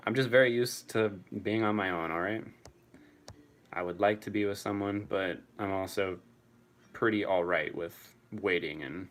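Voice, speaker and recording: A man's voice: low voice, normal speed, a bit bright. A young man answering chat casually on a live stream, swearing freely and laughing often.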